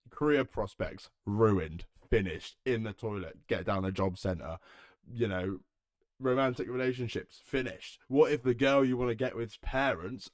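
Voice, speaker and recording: Young guy from herefordshire rambling on his podcast, jokey and sweary, lowish voice, dry sound. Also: moderate pace, dry recording. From Herefordshire, England. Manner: casual, jokey, swears, laughs often. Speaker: podcast host. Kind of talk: solo podcast chat. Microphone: home recording setup.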